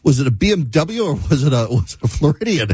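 A man's voice: on the high side, big pitch swings, fast talker, warm tone, husky, no room sound. A man voicing a chatty male AI voice assistant, in a casual and wry tone.

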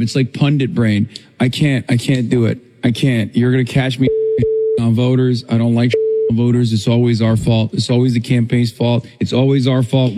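A man's voice: mid-range voice, flat delivery, moderate pace, mellow. A man ranting on a livestream in a sarcastic, exasperated, profane way. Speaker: streamer in a played clip. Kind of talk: casual livestream rant.

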